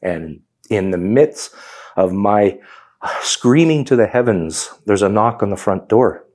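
A man's voice: fairly low pitch, animated, slow, a little mellow. A middle-aged man with a Canadian accent telling his personal testimony in a reflective storytelling manner. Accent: Canadian English. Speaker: testimony speaker.

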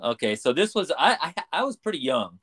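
A man co-hosting a podcast, telling a story in a casual chat with halting restarts. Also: fairly high pitch, sing-song, a bit bright. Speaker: podcast co-host.

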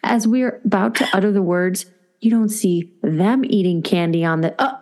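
Animated woman podcast co-host telling stories. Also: medium pitch, moderate pace. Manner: animated storyteller acting out quoted voices. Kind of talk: casual chat.

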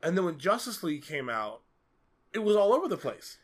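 A man's voice: high voice, sing-song, brisk. A man co-hosting a podcast, talking about movies in a casual, rambling way, with many fillers and lots of animation. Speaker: podcast co-host. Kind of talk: casual film discussion.

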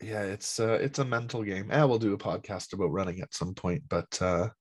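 A man hosting a podcast in casual chat, upbeat and quick to laugh. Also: fairly low pitch, fairly even intonation. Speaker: podcast host.

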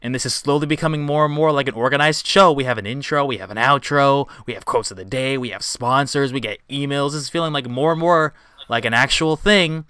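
A man's voice: medium pitch, fairly quick, pushed and bright, clean tone, no echo, clean studio sound. A young man from Indiana hosting a casual podcast, joking, swearing and laughing with his co-host.

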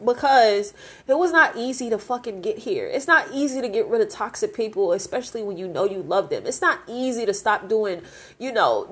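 A woman in her late twenties hosts her own podcast and speaks candidly about her life. Her talk is blunt and heavily profane but heartfelt. Her voice sits at an ordinary middle pitch for a woman. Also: husky. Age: 20s. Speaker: podcast host.

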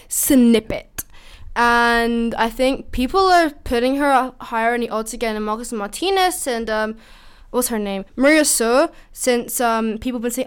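A woman's voice: fairly high pitch, measured pace, clean tone. A woman hosting a casual solo podcast, talking in a bubbly, gushing way with lots of fillers. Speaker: podcast host.

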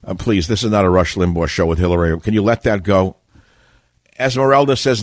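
An older male talk radio host with a low, dry voice, opinionated and combative. He talks to listeners and callers, wandering into side remarks as he goes. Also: moderate pace, dry recording. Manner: combative, opinionated, rambling asides. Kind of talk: talk radio monologue and call-in.

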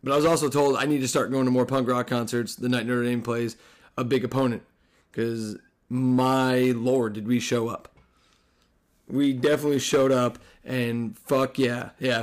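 A hoarse man hosting a casual sports podcast, excitable and profane, rambling with restarts. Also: medium pitch, moderate pace. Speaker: podcast host.

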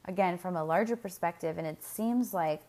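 An American woman hosts a casual solo podcast monologue, candid and profane, in a voice on the low side at a moderate pace. She's animated, swears freely, and fills her talk with fillers and laughter.

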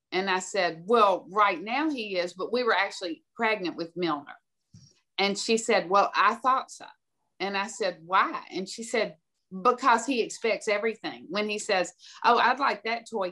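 A woman's voice: mid-range voice, fairly bright tone. An older woman from the American South, a podcast guest giving direct, emphatic advice and telling stories. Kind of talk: conversational advice.

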